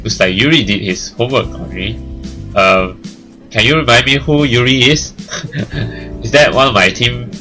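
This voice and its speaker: A man's voice: medium pitch, a little slow, bright, forceful tone, poor audio. Young male let's-play host, sarcastic asides, mid voice, faint music behind him. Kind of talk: casual let's play, reading narration aloud.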